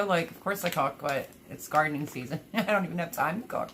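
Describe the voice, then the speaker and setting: A woman's voice: deep voice, brisk, few pauses, background noise. A woman hosting a casual gardening livestream, chatting and reading viewer comments aloud, laughing often. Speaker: livestream host.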